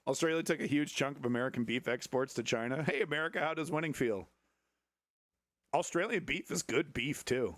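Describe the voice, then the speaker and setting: A man hosting a live stream, reacting to clips with sarcastic, profane commentary and now and then breaking into shrill mocking voices. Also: fairly quick, a bit bright, no echo. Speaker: livestream host.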